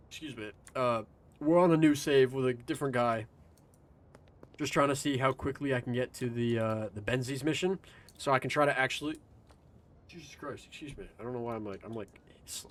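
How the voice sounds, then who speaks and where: Slight background noise sits under a man's mid-range voice as he livestreams a video game. He rambles casually to his chat and swears without restraint.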